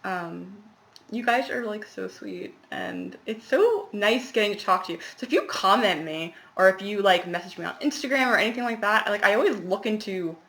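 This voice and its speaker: A woman's voice: mid-range voice, normal speed, gravelly, a bit bright. A young woman chatting casually to camera about her cross-stitch, rambling with laughing asides, recorded at home in a small apartment.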